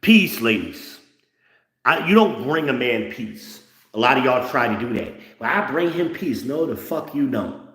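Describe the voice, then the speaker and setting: A man giving blunt, profane relationship advice in an animated, lecturing monologue. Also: mid-range voice, a little slow, roomy sound. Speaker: online commentator.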